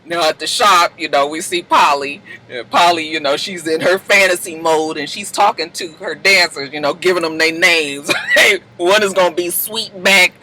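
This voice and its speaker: A woman's voice: on the low side, normal speed, pushed and bright, rough recording. A woman casually recapping a TV episode as a reviewer, chatty and slangy, breaking into laughter often.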